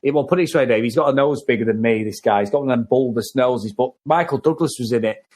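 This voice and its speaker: A man co-hosting a film review podcast, chatting casually, excitable and rambling, laughing as he goes. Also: medium pitch, quick pace. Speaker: podcast co-host.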